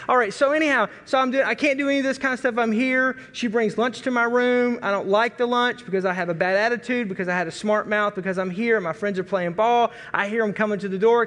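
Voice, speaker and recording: A middle-aged man from Arkansas preaching a sermon, telling a folksy, animated story and acting out family voices. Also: high-pitched, fast, few pauses. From Arkansas, USA. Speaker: pastor. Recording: long reverb of a large hall.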